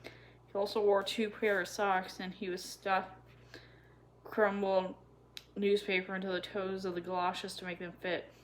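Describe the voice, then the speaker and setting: A woman reading a children's chapter book aloud in a gentle, even storytelling manner. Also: mid-range voice, measured pace, a little hiss or hum, rough recording. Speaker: storybook reader.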